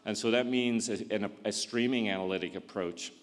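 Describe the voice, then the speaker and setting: A man with a fairly low voice gives a conference presentation. He often restarts and repeats words while working out his point. His voice rings with the long reverb of a large hall. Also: moderate pace. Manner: thinking aloud with frequent restarts and repeated words. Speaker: conference speaker. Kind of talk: conference talk.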